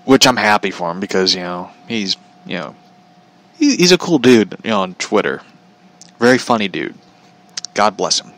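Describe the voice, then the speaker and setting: A man's voice: on the low side, sing-song, moderate pace, pauses often, fairly bright tone, poor audio. A man giving a casual, sarcastic rant about wrestling, laughing often as he talks. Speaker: commentator.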